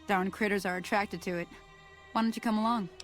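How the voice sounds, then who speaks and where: Picture a young woman acting as a helpful frontier guide in a game, speaking in a folksy, homespun way. Her pitch sits in the middle of the range. Soft music plays faintly behind her. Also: fairly even intonation, brisk, lightly acted. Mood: easygoing. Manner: folksy, homespun country talk. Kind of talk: video game dialogue.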